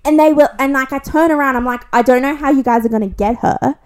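This podcast co-host is a young Australian woman speaking quickly in a high-pitched voice. Telling a gossip story, she swears constantly and animatedly acts out everyone's words.

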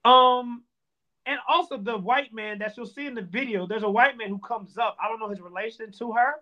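A man hosting a podcast in a loose, animated way, joking and riffing on the news. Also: very high voice, fairly quick. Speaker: podcast host. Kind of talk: casual podcast chat. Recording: dull lo-fi sound.

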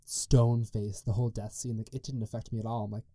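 A young podcast host with a lowish, warm voice speaks fairly quickly, his pitch barely moving. His solo storytelling is casual and meandering, sprinkled with "like" and side tangents, in clean studio sound with no echo.

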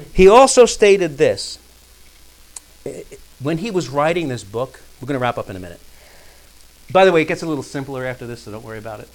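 A man teaching a Bible study. He reads quoted passages slowly and emphatically, then explains them in quick, plain asides and often checks whether his listeners follow. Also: mid-range voice. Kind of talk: teaching sermon with read-aloud quotes.

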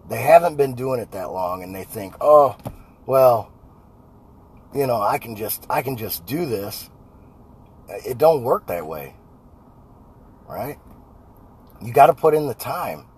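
A house painter and business owner gives a blunt, folksy motivational talk about sales in a medium-pitched, slightly mellow, husky male voice. He keeps repeating "right?" and "I guarantee."

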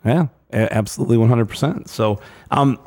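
A man's voice: mid-range voice, brisk, darkish tone. A man hosting a casual podcast chat about a retro video game, joking and teasing his co-host. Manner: joking, teasing, sets up punchlines.

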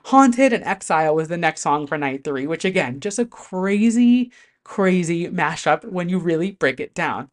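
Chatty, animated pop-music vlogger. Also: mid-range voice, moderate pace. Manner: chatty, animated, heavy on fillers and swearing. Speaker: pop music commentator host. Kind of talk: casual chat to camera.

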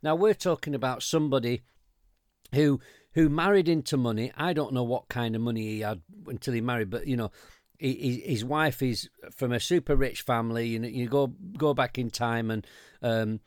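A man's voice: medium pitch, normal speed, dry recording, studio quality. An English man co-hosting a podcast, ranting in casual chat, swearing and stumbling over restarts while mocking the people he quotes. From England. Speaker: podcast co-host.

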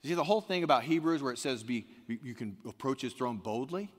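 A man preaching a conversational sermon, swinging from quiet, low asides to sudden loud, emphatic rises. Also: lively intonation, quick pace. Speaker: pastor. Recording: long reverb of a large hall.

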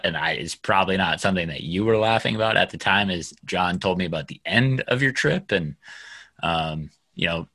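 A man's voice: sits low, bright, forceful tone. A man hosting a casual interview, reflective and encouraging, asking his guest to go on. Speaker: host.

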